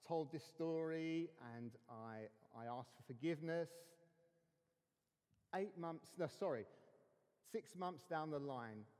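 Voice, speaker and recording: A man preaching a sermon as a pastor, telling a personal story earnestly and dropping to hushed tones for emphasis. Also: a little high. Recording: long hall reverb.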